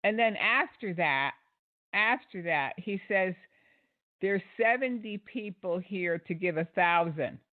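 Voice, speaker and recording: A man hosts an online show and delivers critical commentary in a fairly high voice. He talks in an indignant, sarcastic way, with frequent ums and restarts. The sound is dry and thin, like a phone line. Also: dry recording. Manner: indignant, sarcastic, many fillers.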